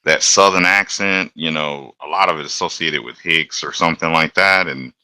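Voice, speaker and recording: A man from Alabama, a locomotive engineer, chatting as a guest and telling stories in a relaxed, rambling way. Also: very deep voice, normal speed, clean tone, no echo. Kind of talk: casual conversational storytelling.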